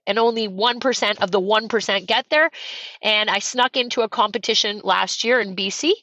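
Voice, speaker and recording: A middle-aged woman from Canada, a coach, telling a personal story on a podcast with high energy and fervent emphasis. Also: moderate pace, sharp tone, no room sound, lo-fi sound. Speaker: real estate coach and guest. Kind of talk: emotional storytelling in a podcast interview.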